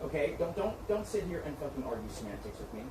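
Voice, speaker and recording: A man's voice: fairly high pitch, very animated, fast talker. Man berating from across an echoey room. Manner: berating, profane, lecturing. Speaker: streamer's manager. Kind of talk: heated argument. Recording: echoey room from far off, faint noise.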